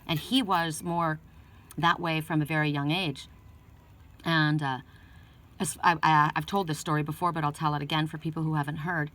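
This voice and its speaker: A woman with a lowish voice gives an oracle card reading, mixing advice with stories from her own life. She talks earnestly and rambles, often restarting her sentences. Her voice sits a little away from the microphone. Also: fairly even intonation, moderate pace, fairly bright tone, far from the mic.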